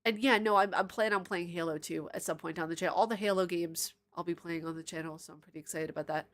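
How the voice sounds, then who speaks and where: A woman's voice: lowish voice, fairly even intonation, quick pace, a bit bright. A woman streaming live, chatting casually and answering viewer comments, rambling into tangents and laughing often.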